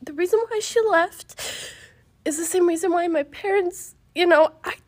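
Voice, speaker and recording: A young woman telling a personal story in a casual chat, emotional and halting, with many fillers. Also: very high voice. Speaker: guest.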